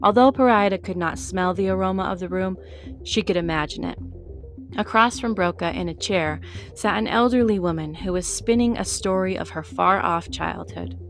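A woman reading an audiobook story in a steady storytelling manner. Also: mid-range voice, moderate pace, faint music behind. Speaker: narrator. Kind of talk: audiobook narration.

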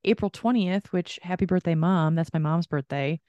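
A woman's voice: fairly low pitch, normal speed, warm tone, dry recording, dull audio. A woman co-hosting a podcast in casual chat, rambling with lots of fillers and side notes, her voice a little strained. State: strained vocal cords. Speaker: podcast co-host.

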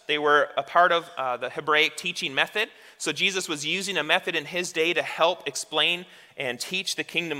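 Bright-voiced preacher in a reverberant hall. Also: male voice, a little high. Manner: conversational preaching with rhetorical questions. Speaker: pastor. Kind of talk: sermon.

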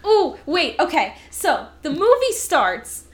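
A woman's voice: high voice, slow. A woman in casual chat retelling a movie, acting out its lines as she goes. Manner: animated storytelling, acting out lines with laughs. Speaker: podcast co-host reviewing a movie.

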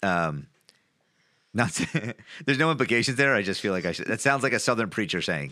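Low-voiced man, bright and forceful. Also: expressive, moderate pace, no room sound, studio quality. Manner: rambling, laughs at own stories. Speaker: podcast co-host. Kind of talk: casual chat.

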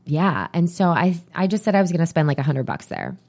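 A woman co-hosts a podcast, chatting casually and rambling as she reads items off a list. Her voice is lowish and a little mellow, with big pitch swings and a brisk pace.

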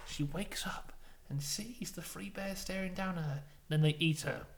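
A man co-hosting a casual chat, retelling a fairy tale with lively put-on voices. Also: high voice, moderate pace, creaky. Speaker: podcast co-host.

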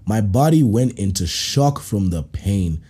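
A man's voice: fairly low pitch, expressive, unhurried, mellow, husky. A male podcast host from Kenya in casual chat. He reads listener stories aloud with slangy banter, laughing often and acting out reactions.

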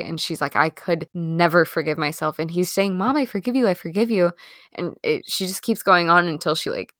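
Female podcast co-host, animated and chatty, low-pitched, dry booth sound. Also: no room sound. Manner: animated, many fillers and restarts. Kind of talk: casual film discussion.

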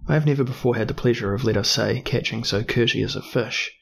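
A man's voice: medium pitch, creaky, a little hiss or hum, natural voice. A man reading a cunning explorer duke. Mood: genial. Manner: deliberate, probing. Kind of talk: audiobook character reading.

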